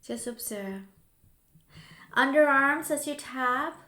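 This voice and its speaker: A woman guiding a grief tapping session in a slow, soothing voice, now and then dropping to a soft whisper. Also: high voice, reverberant. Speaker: healing coach.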